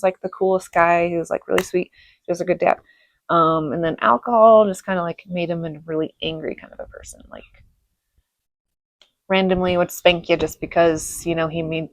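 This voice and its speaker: A middle-aged woman from Reno telling rambling stories about her childhood, laughing often and filling pauses. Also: lowish voice, dry recording. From Reno, Nevada. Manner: rambling, chatty, laughs often, many fillers. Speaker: vlogger. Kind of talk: casual storytelling monologue.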